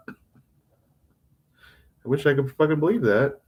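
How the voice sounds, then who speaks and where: Man, solo livestream, emotional confession, self-critical, stumbling restarts, frequent cursing. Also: lowish voice. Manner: rambling, halting restarts, frequent swearing.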